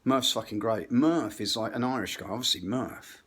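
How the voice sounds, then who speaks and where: A man's voice: fairly low pitch, moderate pace, fairly bright tone, husky. An English man telling a rambling, profane story in a stand-up style, often interrupting himself. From England. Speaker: comedian.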